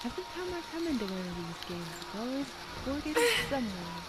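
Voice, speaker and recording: A woman's voice: a little high, sing-song, brisk, very noisy. A woman commenting sarcastically while playing a video game, joking and swearing. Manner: sarcastic, profane, jokey. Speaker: game streamer. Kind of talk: let's play commentary.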